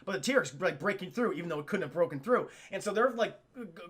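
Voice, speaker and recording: A man recapping a film live to his chat, animated and profane. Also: high-pitched, quick pace, breathy edge. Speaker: streamer and film reviewer.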